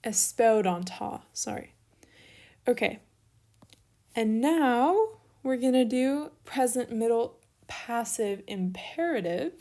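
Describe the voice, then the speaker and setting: A woman's voice: fairly high pitch, slow pace, long pauses. A young woman explains Greek verb forms one step at a time as she writes, with brief apologies along the way. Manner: steady, step-by-step explaining while writing, with small apologies. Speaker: Greek teacher. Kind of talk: online lesson walkthrough.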